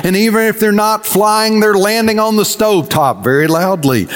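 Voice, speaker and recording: A man preaching a sermon as pastor, telling stories in an animated, folksy way. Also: high voice, normal speed, big-room sound.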